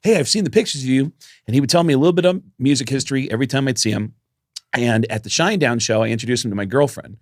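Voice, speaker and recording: A man's voice: medium pitch, racing, dry recording, clean studio sound. A middle-aged man co-hosting a podcast, telling a long story in casual chat, acting out the voices of the people he quotes and swearing now and then. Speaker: podcast co-host.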